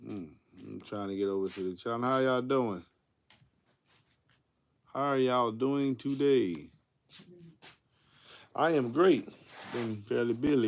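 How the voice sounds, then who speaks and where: A man hosting his own live stream, easygoing and chatty as he calls out viewers by name. His voice sits at an ordinary pitch with a gravelly edge. He talks in relaxed slang. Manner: greets viewers by name, laid-back slang. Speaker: host of a live car audio Q&A stream. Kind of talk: casual livestream chat.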